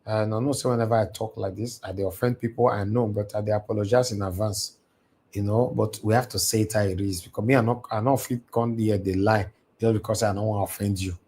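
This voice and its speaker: A man's voice: fairly low pitch, steady tone, fast talker, darkish tone, slight background noise. Impassioned Nigerian Pidgin-speaking man. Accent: Nigerian Pidgin English. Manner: preachy, impassioned, switches into Pidgin. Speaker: live stream host. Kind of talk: livestream monologue. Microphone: home livestream mic.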